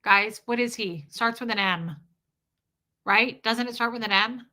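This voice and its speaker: A woman's voice: on the high side, a little slow, bright, forceful tone. A middle-aged woman hosting a casual livestream, chatting bluntly, swearing freely and reading viewer comments aloud. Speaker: livestream host.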